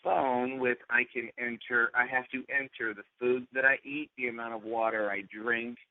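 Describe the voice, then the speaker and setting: A man's voice: medium pitch, little pitch movement, moderate pace. Rambling man on a tinny line. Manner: rambling, self-interrupting. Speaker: podcast co-host. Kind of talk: casual podcast chat. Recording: tinny phone-like sound.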